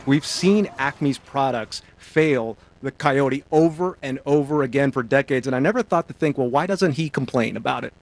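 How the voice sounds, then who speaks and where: A male TV host reading a scripted intro and interviewing a guest, with a lively, playful delivery. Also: medium pitch, normal speed, few pauses, a little hiss or hum.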